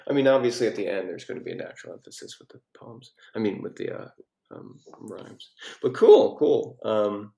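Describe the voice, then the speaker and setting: A man leading a poetry workshop in a casual way, asking questions and reading lines of verse quietly. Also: lowish voice, fairly quick, gravelly. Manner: inquisitive, reads verse softly. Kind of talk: casual critique and reading aloud. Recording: echoey room.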